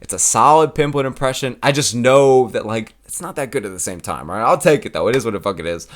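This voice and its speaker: A young man chatting casually on his own channel, swearing freely and laughing often. His pitch swings around in a lively way. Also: fast. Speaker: YouTube host. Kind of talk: casual profane chat.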